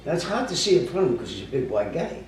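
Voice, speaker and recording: A man telling a story in a gruff, profane way and acting out the quotes. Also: a little high, big pitch swings, rapid-fire. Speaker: storyteller guest. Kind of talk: casual anecdote telling. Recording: echoey room, distant mic, faint noise.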